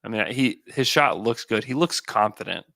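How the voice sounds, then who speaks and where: A man co-hosting a basketball podcast, talking in a relaxed way and thinking aloud with fillers and restarts. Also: mid-range voice, normal speed, creaky, dry recording. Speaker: podcast co-host. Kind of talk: casual basketball chat.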